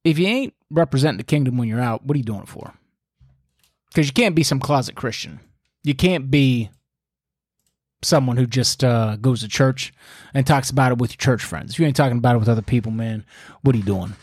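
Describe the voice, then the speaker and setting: A man's voice: medium pitch, brisk, a little mellow, no room sound, clean studio sound. A man giving a casual, folksy faith talk, preachy and full of fillers.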